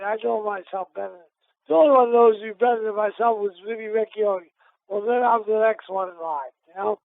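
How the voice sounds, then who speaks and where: A middle-aged man from Massachusetts calls in over a tinny phone line to a radio show. His voice sits high and gravelly, and he rambles through anecdotes, restarting and repeating himself. The sound is close and dry. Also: dry recording. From Massachusetts, USA. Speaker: retired boxer, guest. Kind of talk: casual storytelling interview.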